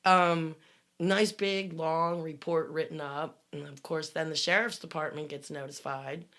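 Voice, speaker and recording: A middle-aged woman telling a dramatic personal story on a podcast, swearing freely and rising to loud bursts. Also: low voice, fairly even intonation, measured pace. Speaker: guest telling her story.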